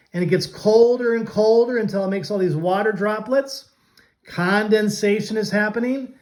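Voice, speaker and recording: A man teaching an online class, coaching students and drawing out each vocabulary word slowly and clearly. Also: high-pitched.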